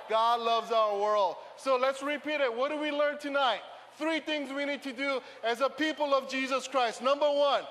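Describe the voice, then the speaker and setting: A man giving an energetic call-and-response sermon to a family audience in a church hall. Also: very high-pitched, slight background noise. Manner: energetic, call-and-response, switching between English and Korean. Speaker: youth pastor. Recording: long hall reverb, faint music.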